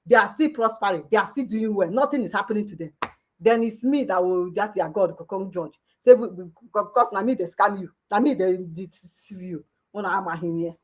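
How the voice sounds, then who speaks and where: A woman's voice: mid-range voice, fairly quick. A woman with a Nigerian accent ranting in an emphatic, scolding way as a vlogger, mixing in pidgin and local phrases. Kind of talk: ranting commentary.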